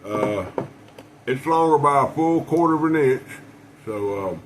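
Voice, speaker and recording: A man's voice: medium pitch, animated, measured pace, a little hiss or hum, low-quality recording. A man talking casually to camera about his knife collection, rambling and folksy, with frequent restarts. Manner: folksy, rambling storyteller with many restarts and fillers.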